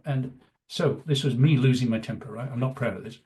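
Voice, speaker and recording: A man's voice: medium pitch, a little fast, warm tone. A man in his seventies, a veteran news executive, telling rambling career anecdotes in a casual interview, full of "you know" fillers. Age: 70s.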